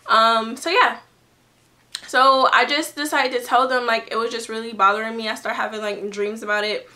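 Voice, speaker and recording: Young woman, casual vlog storytelling, slightly high voice, bright tone, lots of fillers. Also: fairly even intonation, moderate pace. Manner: chatty, many fillers and restarts. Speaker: vlogger.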